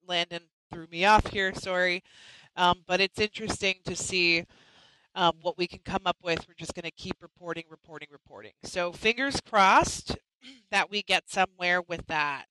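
A woman's voice: lowish voice, a little slow, bright, forceful tone, no room sound, poor audio. A woman hosting a live chat show, talking casually and chattily, often restarting and apologizing. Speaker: host.

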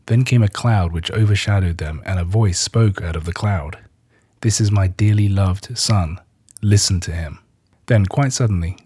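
A man giving a measured scripted reading of scripture, lightly voicing the quoted speech. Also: low voice, mellow, breathy edge. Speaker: scripture reader.

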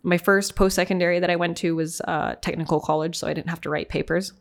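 A woman's voice: fairly low pitch, fairly even intonation, quick pace. A young adult woman from Canada, casually telling a personal story to her viewers, candid and rambling, laughing at herself. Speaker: vlogger sharing personal story.

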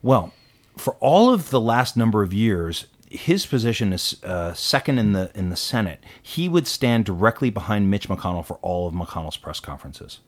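A man co-hosting a casual political talk show, opinionated and animated, with quick asides. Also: fairly low pitch. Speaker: podcast co-host.

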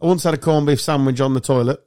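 A man's voice: a little high, fairly even intonation, fast talker, warm tone, dry recording. An English man hosting a podcast, telling anecdotes in casual chat, swearing freely and laughing often. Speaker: podcast host.

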